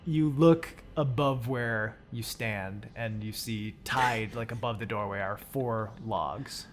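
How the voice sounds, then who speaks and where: Relaxed man running a tabletop game. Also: on the low side, slow pace, a little hiss or hum. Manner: relaxed, laughs often while describing scenes. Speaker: game master.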